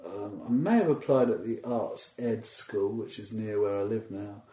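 A man's voice: fairly low pitch, normal speed, warm tone. A man, chatting as a comedian guest in a loose, self-deprecating way, often restarting his sentences. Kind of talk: casual interview chat. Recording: roomy echo.

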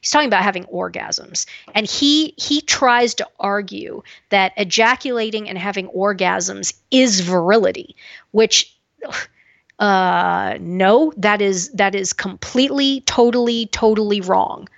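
A woman's voice: medium pitch, a little slow, creaky, a bit bright, no room sound. A woman co-hosting a podcast, giving blunt, emphatic opinions with frequent restarts. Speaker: podcast co-host. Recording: dull, lo-fi dry sound.

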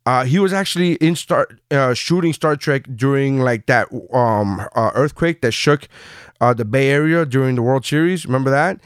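A man's voice: medium pitch, normal speed, smooth, dry recording, studio quality. Rambling, profane male podcast host. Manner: profane, rambling with many fillers. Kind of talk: casual chat.

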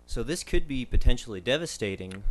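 A man's voice: medium pitch, animated. Young man explaining sports injuries. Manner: measured, explanatory, with frequent ums and uhs. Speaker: medical contributor on a sports podcast. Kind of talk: casual podcast discussion.

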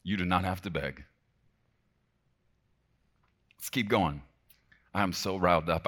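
A deep-voiced man preaching with real fervor. His delivery surges to loud, ringing emphasis, then drops to a hushed, intimate tone, and he keeps checking in with his listeners. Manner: fervent, swings between shouting and hushed emphasis; talks to the congregation directly with frequent "okay?". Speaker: pastor. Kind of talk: sermon.

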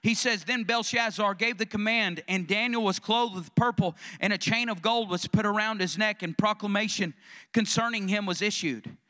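A man's voice: high voice, normal speed, sharp tone. A male pastor preaching a fervent sermon in a church, rousing the congregation with call-and-response questions. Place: church sanctuary.

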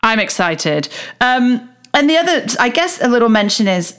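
A woman's voice: a little high, sing-song, moderate pace, fairly bright tone, clean tone. A woman in her thirties co-hosting a podcast, chatting candidly and laughing often. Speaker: podcast co-host. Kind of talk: casual chat about reality TV.

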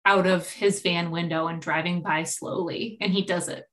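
A young woman chatting casually, telling a story with lively acted-out quotes and sudden jumps up in pitch. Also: moderate pace. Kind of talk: casual chat.

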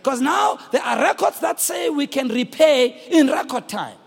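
A middle-aged South African man preaching a sermon, his high voice swinging up and down in loud, half-sung calls. His tone carries a gravelly edge, and a faint hum of room sound sits behind him. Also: animated, normal speed, big-room sound. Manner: preaching with shouted, sung-out exclamations to the congregation. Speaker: pastor.

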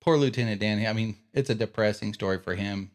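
A low-pitched man with a Texan accent talks through a movie story in a relaxed podcast chat. He sounds easygoing and animated, and he reflects on faith between the story beats. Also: brisk. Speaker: podcast co-host.

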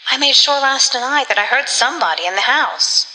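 A woman's voice: high-pitched, lively intonation, fairly quick, sharp tone, heavily acted. A woman voicing a fragile, timid woman who speaks fearfully and pleads. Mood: worried. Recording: long reverb.

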